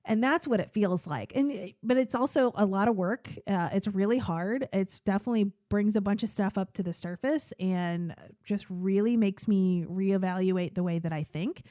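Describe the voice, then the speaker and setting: A woman's voice: mid-range voice, moderate pace, hardly any pauses, dark tone, no echo, clean studio sound. A woman hosting her own podcast, talking candidly and chattily about her therapy, laughing often and tearful at times. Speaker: podcast host. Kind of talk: personal solo podcast talk.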